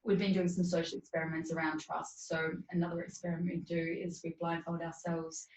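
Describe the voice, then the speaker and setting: A woman's voice: fairly low pitch, little pitch movement, a little fast. A woman guest in an interview, earnestly retelling her experiences with quoted dialogue. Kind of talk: storytelling in conversation. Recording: dull roomy distant sound.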